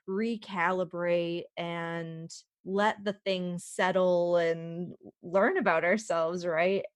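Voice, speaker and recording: A woman's voice: on the low side, dry recording, clean studio sound. A woman hosting a podcast interview, asking reflective, thoughtful questions. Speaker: podcast host. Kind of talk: casual interview.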